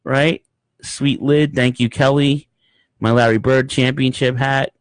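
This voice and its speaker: Profane, animated male podcast storyteller. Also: medium pitch, unhurried, no room sound. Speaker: podcast co-host. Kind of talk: casual podcast chat, storytelling.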